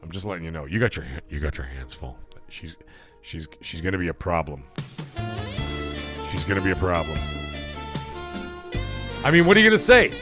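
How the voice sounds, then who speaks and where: A man's voice: sits low, moderate pace, pauses often, loud music behind the voice. A man hosting a live stream, chatting casually and rambling, with frequent swearing. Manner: profane, rambling, animated.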